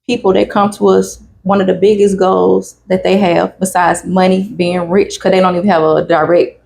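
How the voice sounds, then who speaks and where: A woman with a gravelly voice speaks as a guest in a casual spiritual talk. She gives earnest advice and keeps coming back to the same point. A faint noise sits underneath the recording. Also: on the low side, flat delivery, normal speed, darkish tone. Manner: earnest, repeats "you be it".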